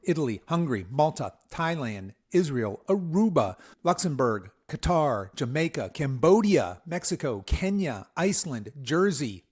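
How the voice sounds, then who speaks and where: A man in his sixties, a fitness coach hosting his own podcast, talking in an upbeat, enthusiastic way with hype-style shout-outs to listeners. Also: medium pitch. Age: 60s. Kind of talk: energetic podcast monologue.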